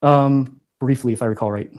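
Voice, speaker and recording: Matter-of-fact man with a mellow, dark voice. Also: medium pitch, moderate pace, poor audio. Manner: matter-of-fact, reads items out and spells them. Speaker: investigator testifying as witness. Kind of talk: courtroom testimony.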